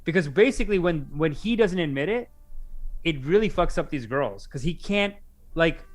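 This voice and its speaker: Young male podcast co-host, casual and animated, lively pitch. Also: moderate pace. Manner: animated, excitable, mimics others in quotes.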